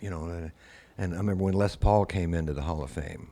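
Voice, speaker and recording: Older man, musician guest, low pitch, husky mellow voice, animated storytelling. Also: quick pace. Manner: anecdotal, animated quoted voices. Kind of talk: casual storytelling.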